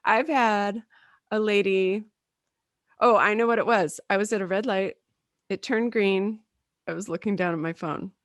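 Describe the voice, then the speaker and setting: Podcast co-host, woman, thirties, lively storyteller, middle pitch, dry close sound. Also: measured pace, pauses often, no echo. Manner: animated storyteller, acts out quotes. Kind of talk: casual chat.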